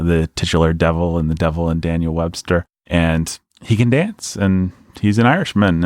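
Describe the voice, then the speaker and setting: A man's voice: on the low side, no room sound, clean studio sound. A man co-hosting a casual movie review podcast, talking at length and laughing often as he pokes fun at the film. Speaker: podcast co-host.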